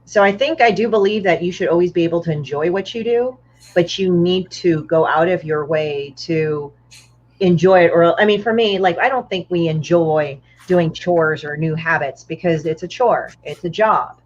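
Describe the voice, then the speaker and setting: Dull, muffled lo-fi audio carries a woman's lowish voice at a moderate pace. She's a guest comic artist on a podcast, chatting casually and bluntly, swearing freely, and acting out what other people said.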